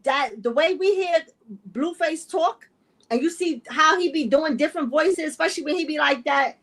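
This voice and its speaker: A woman's voice: high-pitched, normal speed, a bit bright. A woman co-hosting a podcast, chatting casually and repeating her points for emphasis. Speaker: podcast co-host. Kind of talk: casual chat.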